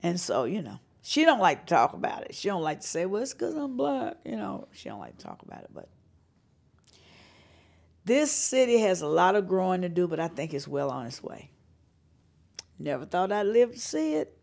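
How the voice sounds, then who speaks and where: Older singer-songwriter woman, low gravelly voice, storyteller who mimics people. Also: normal speed, long pauses. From North Carolina. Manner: animated storyteller, acts out quoted voices, laughs often. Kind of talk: storytelling interview.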